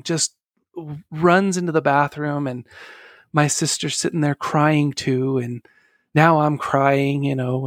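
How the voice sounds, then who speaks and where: A middle-aged man, a guest on an interview, telling a personal story in an earnest, halting way with soft laughs. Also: medium pitch, no echo, studio quality.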